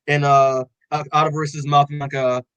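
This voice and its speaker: A young man co-hosting a podcast, excitedly recapping a comic in loose casual chat, full of "like" and swearing, acting out the characters' lines. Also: a little high, a little fast, smooth, no room sound, rough recording. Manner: excited, loose, heavy on "like" and swearing, acts out quotes. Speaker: podcast co-host.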